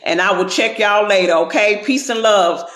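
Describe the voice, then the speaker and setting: A man's voice: high-pitched, normal speed, a bit bright, echoey room. A man hosting a casual livestream, chatty and encouraging, talking straight to his viewers and weaving faith into his talk. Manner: sprinkles talk with faith and praise. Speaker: livestream host. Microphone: phone, going live.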